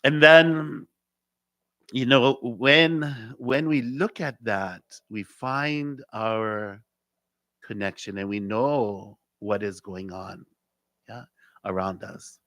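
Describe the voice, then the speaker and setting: A man's voice: mid-range voice, slow pace, fairly bright tone, no echo. A man from Hawaii, a cultural teacher, giving a spiritual talk with stories; he repeats key phrases and acts out conversations.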